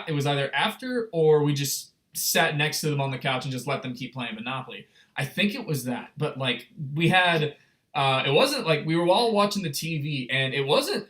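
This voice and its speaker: A young man telling a story on a casual livestream, rambling and excitable, full of fillers and restarts. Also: fairly high pitch. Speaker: streamer.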